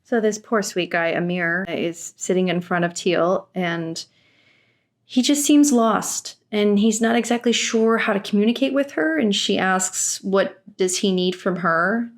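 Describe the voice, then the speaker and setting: A woman's voice: mid-range voice, measured pace. A young woman giving casual reaction commentary in an exasperated, sarcastic and outspoken way, swearing now and then. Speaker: reaction vlogger.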